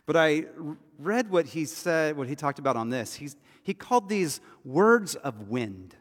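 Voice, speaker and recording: Guy pastor giving a sermon, chatty then goes quiet n intense, church hall echo. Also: on the high side, sing-song, unhurried. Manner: conversational, often drops to a hushed, intense tone.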